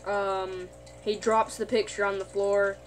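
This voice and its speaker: A woman's voice: mid-range voice, level tone, unhurried, soft background music. Rambling woman recapping a cartoon episode. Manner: rambling, full of fillers and restarts. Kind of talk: casual spoken episode recap.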